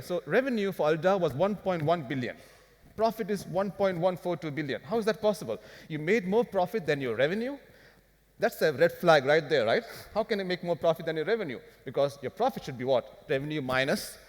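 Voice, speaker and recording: A man giving a live finance talk to an audience, animated and firing rhetorical questions at the crowd. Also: fairly high pitch. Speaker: business speaker. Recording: long hall reverb.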